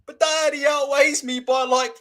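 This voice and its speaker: A man's voice: very high voice, level tone, moderate pace, bright, forceful tone, voice pushed up. A man doing a whiny, pleading grown son. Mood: whining.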